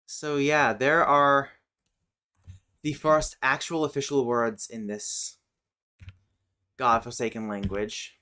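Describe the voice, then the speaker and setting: A streamer with a rumbling low voice, fairly even intonation and a sharp tone mutters her way through building a constructed language. The livestream chat is casual and slow, punctuated by her typing, looking things up, and clicking keys in the background.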